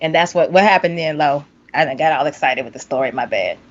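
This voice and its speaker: Woman, casual podcast chat, animated storyteller, slightly muffled sound. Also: fast. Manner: animated storyteller, acts out quotes with big pitch jumps, laughs often. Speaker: podcast host, vocal coach.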